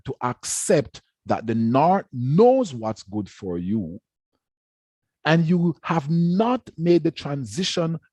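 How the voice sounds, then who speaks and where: A man's voice: medium pitch, a little mellow, slightly rough, no room sound, clean studio sound. A man giving a formal lecture on education, speaking emphatically and repeating words to stress his points. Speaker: education researcher giving a talk.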